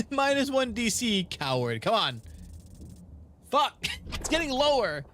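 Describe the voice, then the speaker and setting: A man's voice: very high-pitched, big pitch swings, moderate pace, a bit bright, slight background noise. A young man playing a game on video, reading its text aloud and reacting with laughs and groans at failed rolls. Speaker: gaming video creator.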